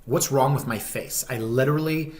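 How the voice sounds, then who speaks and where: A man's voice: mid-range voice, normal speed. A man, a real estate vlogger chatting casually, rambling and self-deprecating with many ums. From Canada. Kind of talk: casual vlog chat.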